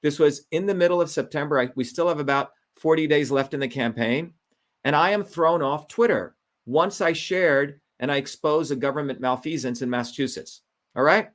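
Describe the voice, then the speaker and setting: A man's voice: fairly high pitch, moderate pace. A middle-aged man, a Senate candidate, telling his story in an indignant, emphatic way and repeating his key points. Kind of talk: impassioned political monologue.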